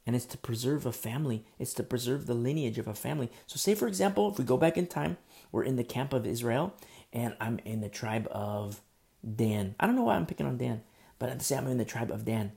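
A man preaching an earnest, animated sermon, speaking through a sore throat. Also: medium pitch, a little fast, vocal fry. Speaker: pastor.

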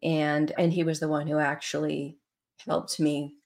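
Woman, middle-aged, low voice, earnest, emotional storytelling, interview guest. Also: flat delivery, measured pace, creaky, darkish tone. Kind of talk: personal story in a podcast interview.

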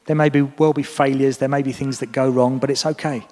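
A man's voice: medium pitch, flat delivery, fairly quick, darkish tone. A man preaching a sermon in a church, talking earnestly and encouragingly to the congregation. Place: church hall. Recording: long reverb of a church hall.

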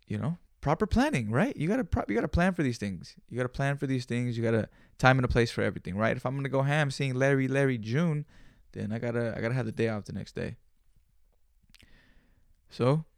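A man's voice: mid-range voice, vocal fry, darkish tone, no echo, studio quality. A man in his twenties telling a rambling, profane story in slangy casual talk, acting out bits of dialogue. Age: 20s. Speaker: podcast host.

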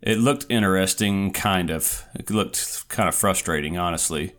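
A man co-hosting a casual gaming podcast, talking in an unhurried way and thinking out loud. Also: low-pitched. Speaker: podcast co-host. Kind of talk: casual chat.

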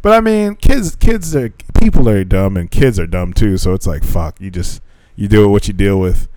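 Male podcast co-host, low voice, lively profane storyteller, dry close sound. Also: moderate pace, dry recording. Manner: animated storyteller, swears freely, acts out quotes. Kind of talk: casual podcast chat.

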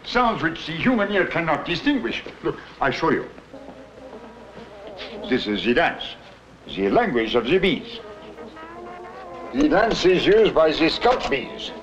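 An actor playing an elderly male scientist who explains the language of bees in halting, stilted phrasing, from an old film clip. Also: fairly high pitch, sing-song. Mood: explaining. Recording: dull film clip audio with faint music.

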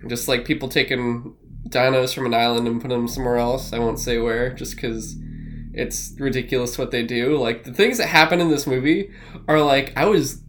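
Excitable male co-host, rambles, curses freely, casual podcast chat. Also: mid-range voice, moderate pace, a little hiss or hum. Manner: rambling, excitable, swears often.

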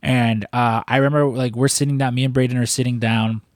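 A man with a Chicago accent tells stories in loose podcast chat, swearing often and restarting his sentences. His voice sits at a middling pitch. The close recording has no room sound. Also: flat delivery, fairly quick, no room sound. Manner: rambling, swears a lot, many restarts.

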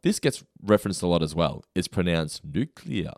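Chatty, lively-voiced male podcast host. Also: low voice, brisk, dry recording, studio quality. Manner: chatty, laughs easily, stumbles over words. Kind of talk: casual chat.

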